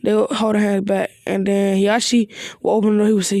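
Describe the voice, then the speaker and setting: A gravelly, warm voice at medium pitch, speaking fast in a level tone, recorded clean in a studio with no room sound. He's a casual fan spinning an anime what-if plot off the top of his head, rambling and hesitant, tossing in slangy asides full of "you know" and "bro."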